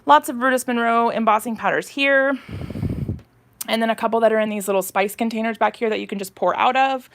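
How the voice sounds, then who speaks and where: On a live stream, a woman who runs a craft channel shows viewers around her home craft room, slightly winded and rambling with fillers. Her voice is on the high side and a little fast, with some hiss or hum in the audio.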